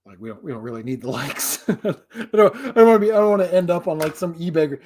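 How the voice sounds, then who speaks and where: A man's voice: on the high side, lively intonation, quick pace, few pauses, darkish tone. A man hosting a casual live stream, rambling, swearing and making fun of himself. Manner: rambling, profane, self-deprecating. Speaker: livestream host.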